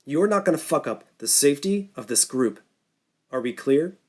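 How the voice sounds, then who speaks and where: A man's voice: fairly high pitch, lively intonation, normal speed, breathy edge. A man doing a stern, commanding doctor. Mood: threatening. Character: commanding middle-aged male doctor, stern and threatening.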